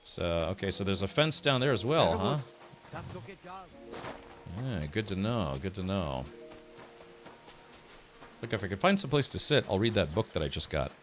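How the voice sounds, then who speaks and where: Chatty low-voiced male game streamer. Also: very animated, measured pace, pauses often, fairly bright tone, soft background music. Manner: chatty, thinks aloud, answers chat. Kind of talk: casual gameplay commentary.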